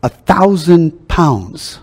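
An older man preaching a sermon as pastor, emphatic, slowing down and dropping his voice to drive key points home. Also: on the high side, big pitch swings, husky. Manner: emphatic, slows down and drops to a hush for key points. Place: church sanctuary. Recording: long hall reverb.

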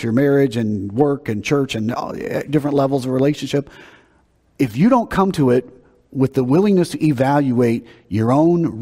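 Here the pastor's voice sits at a medium pitch with a warm tone. His sermon stays conversational and emphatic, with repeated words driving each point forward, and the sound carries a long hall reverb.

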